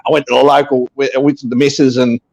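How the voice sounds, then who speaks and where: A man's voice: medium pitch, flat delivery, fast talker, darkish tone, rough recording. An Australian man hosting a livestream, telling a crude story in casual banter and repeating catchphrases. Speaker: livestream host.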